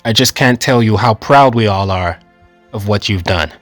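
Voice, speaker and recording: A man's voice: fairly low pitch, moderate pace, fairly bright tone, no room sound, soft background music, natural voice. A man playing a proud, formal president. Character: proud male president on a phone call.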